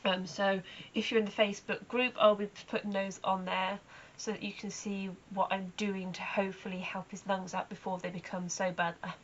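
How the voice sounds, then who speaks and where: A woman's voice: mid-range voice, muffled recording, a little hiss or hum. Chatty woman telling horse stories. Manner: chatty, animated storytelling with acted asides. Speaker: horse owner vlogger. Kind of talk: casual vlog update.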